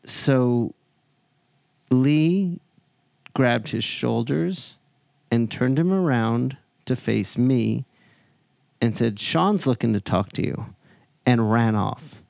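Gravelly man in his forties telling stories. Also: mid-range voice, slow pace, pauses often, no room sound, clean studio sound. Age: 40s. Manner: animated anecdote-telling, acts out other people's lines. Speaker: podcast host. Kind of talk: casual storytelling chat.

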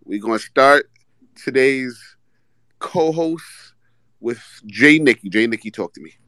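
A man's voice: mid-range voice, animated, unhurried, fairly bright tone, no echo. A man hosting a casual live audio show, with loose, profane, upbeat banter. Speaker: host.

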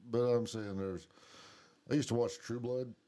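A man's voice: mid-range voice, fairly even intonation, measured pace, dark tone. A man co-hosting a podcast, telling rambling stories in casual late-night chat, swearing freely. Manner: profane, rambling storyteller. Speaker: podcast co-host.

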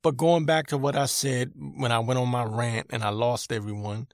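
A man in the middle of an irritated rant on his own podcast, hammering his points home and saying them again and again. His voice sits at an ordinary middle pitch. The sound is close and dry, with no room echo. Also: fairly even intonation, moderate pace. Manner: irritated, emphatic, repeats himself. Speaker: podcast host. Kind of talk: opinion rant monologue.

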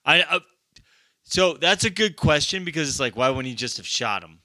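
A man's voice: a little high, lively intonation, normal speed, bright, forceful tone, no echo, clean studio sound. A young man chatting casually about a movie as a podcast co-host, rambling with lots of fillers and swearing freely.

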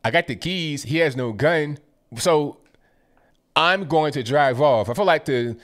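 A man's voice: on the high side, measured pace. Guy ranting casually on his stream, sarcastic and mocking, repeats words a lot. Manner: frequent stammered repeats. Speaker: political commentary streamer. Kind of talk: casual commentary.

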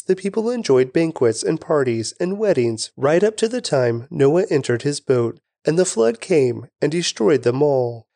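Guy reading bible passages slow and steady, mellow tone, kinda high-ish, dry close mic. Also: no echo. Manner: measured, deliberate reading with slowed emphasis. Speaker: scripture reader, podcast host.

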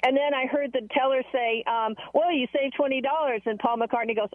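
A woman's voice: high-pitched, a little fast, no room sound. A woman calling into a radio show over the phone, telling a chatty story. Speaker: caller. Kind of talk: phone-in anecdote. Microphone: telephone. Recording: dry narrow phone line.

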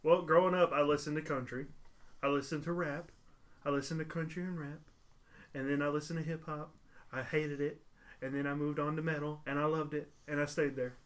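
A man co-hosting a casual podcast chat, laid-back and rambling with drawn-out fillers. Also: fairly high pitch, level tone. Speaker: podcast co-host. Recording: faint background noise.

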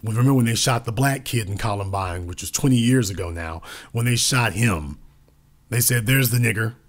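A man giving a political commentary monologue, emphatic and repetitive, slowing down to stress key words. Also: fairly low pitch.

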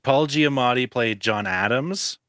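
A man's voice: medium pitch, unhurried, bright, forceful tone, clear, resonant tone, no room sound. A man co-hosting a movie podcast, talking in a matter-of-fact, dry way. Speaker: podcast co-host. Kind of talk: casual movie-review chat.

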